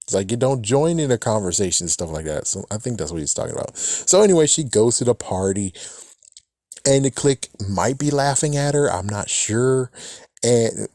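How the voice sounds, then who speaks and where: A man's voice: mid-range voice, animated, moderate pace, darkish tone, dry recording, clean studio sound. A man casually reviewing a TV episode, rambling and cursing often, with frequent "it's like" asides. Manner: rambling, profane, repeats "it's like". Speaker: show reviewer.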